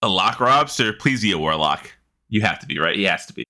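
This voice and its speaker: Bright-voiced excitable man. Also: fairly quick. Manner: excitable, swearing, jumps to loud high laughs. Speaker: podcast co-host. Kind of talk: casual chat.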